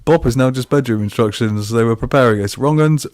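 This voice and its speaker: A man's voice: mid-range voice, fairly quick, darkish tone. A man co-hosting a casual online show over a video call, chatty and teasing, often laughing. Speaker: co-host. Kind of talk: casual chat.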